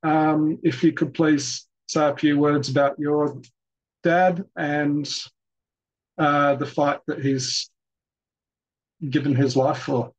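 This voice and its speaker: A man's voice: fairly high pitch, fairly even intonation, takes it slowly, pauses often. Hesitant man, muffled lo-fi sound. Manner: hesitant, with many fillers. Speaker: event host and guest editor. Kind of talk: event introduction.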